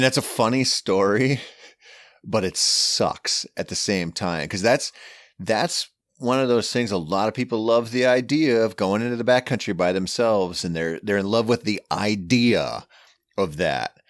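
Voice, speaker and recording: Low-voiced male podcast host. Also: measured pace, no room sound, studio quality. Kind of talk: casual interview chat.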